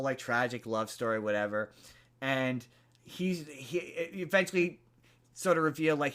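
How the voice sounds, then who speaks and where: A man's voice: on the high side, fairly bright tone. Rambling man retelling a movie. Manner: rambling, full of fillers and restarts. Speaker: podcast host. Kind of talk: casual chat, retelling a movie plot.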